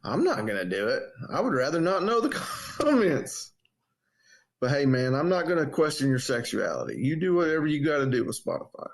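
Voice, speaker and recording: A podcast co-host who cracks jokes at his partner's expense in relaxed banter. His pitch jumps around a lot, and the lines come out quick and teasing. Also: gravelly. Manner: wisecracking, teasing, lively.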